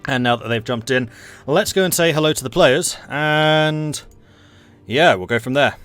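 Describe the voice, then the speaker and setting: A man's voice: fairly high pitch, normal speed, a bit bright, clear, resonant tone, soft background music. Chatty male game commentator. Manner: chatty, enthusiastic, laughs easily. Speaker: game match commentator and host. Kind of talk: live-stream game commentary.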